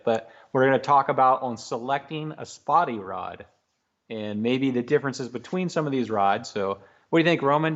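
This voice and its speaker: Laid-back male co-host, patient explainer in casual talk, slightly muffled recording. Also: medium pitch. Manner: relaxed, explains basics patiently with restarts. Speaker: co-host of a fishing talk show. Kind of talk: casual livestream chat.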